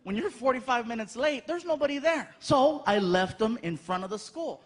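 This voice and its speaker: Animated high-voiced male comedian. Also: moderate pace. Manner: animated storytelling, acts out voices. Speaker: stand-up comedian. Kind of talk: stand-up routine. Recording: live stage mic with audience noise.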